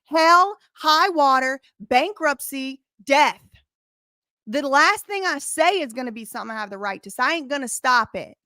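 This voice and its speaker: A woman's voice: high voice, very animated, fast talker, few pauses, sharp tone, no room sound, clean studio sound. A woman hosting a live reaction stream, talking in an emphatic, profane and defiant way.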